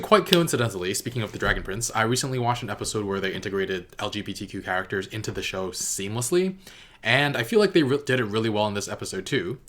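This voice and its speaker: This TV reaction reviewer, a man with a lowish and slightly bright voice, talks casually about a TV episode. His review rambles and hesitates, full of fillers and self-corrections.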